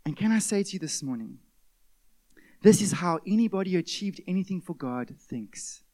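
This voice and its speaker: A man preaching a sermon, stressing key words loudly and then dropping to a hush. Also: high-pitched, animated, moderate pace. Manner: emphatic preaching, swings between loud stresses and hushed drops. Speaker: pastor.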